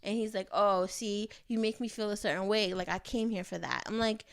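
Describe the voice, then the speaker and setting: A woman's voice: mid-range voice, brisk, creaky, dry recording, studio quality. A young adult woman co-hosting a podcast, telling a candid story in casual chat and acting out the quotes. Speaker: podcast co-host.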